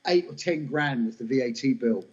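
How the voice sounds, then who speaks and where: A middle-aged man, telling lively, self-mocking stories as an interview guest. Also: medium pitch, fairly quick. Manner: animated, anecdotal, self-mocking. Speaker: guest actor. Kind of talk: casual storytelling interview. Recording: dull lo-fi podcast audio.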